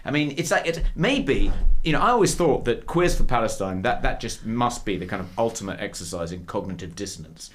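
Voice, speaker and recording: Middle-aged podcast co-host, casual and halting delivery with frequent fillers. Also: male voice, medium pitch, expressive. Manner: hesitant, many fillers and restarts. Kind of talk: casual chat.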